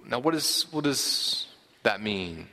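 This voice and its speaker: A man preaches a sermon in a bright, clear voice that carries a long hall reverb. He explains earnestly and often repeats a word as he works toward his point. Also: mid-range voice, animated, takes it slowly.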